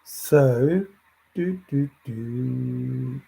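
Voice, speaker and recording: A livestream host thinks aloud in a rambling way and answers chat comments as they arrive. His medium-pitched voice is slow, gravelly, a little mellow, and slightly rough.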